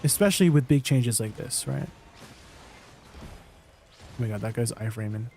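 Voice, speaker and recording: A man's voice: medium pitch, moderate pace, creaky, a little mellow, a little hiss or hum. A man chatting casually on a game live stream, answering viewers' questions and laughing at himself. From Canada.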